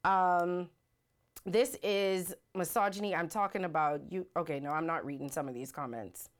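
A woman with a lowish voice and a moderate pace hosts a casual livestream. She comments animatedly, poses rhetorical questions, and reads her viewers' comments out loud.

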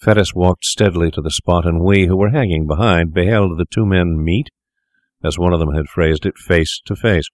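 A man narrating an audiobook in a measured, deliberate way. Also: low-pitched, dry recording, clean studio sound.

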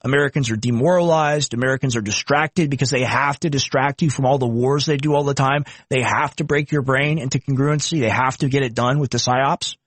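A man's voice: medium pitch, steady tone, a little fast, few pauses. A young man commenting on video clips, indignant and mocking. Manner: indignant, mocking, puts on silly voices. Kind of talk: political commentary.

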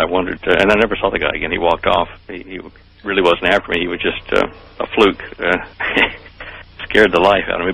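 A man's voice: low-pitched, vocal fry, pushed and bright, low-quality recording. An older man telling his story in an interview, rambling and hesitant with many fillers. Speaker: interview guest.

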